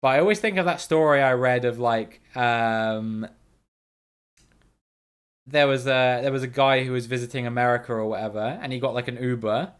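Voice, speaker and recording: A man's voice: mid-range voice, moderate pace, smooth. A man hosting a casual live stream of a geography guessing game. He chats with viewers, reads their names out, laughs easily and swears now and then.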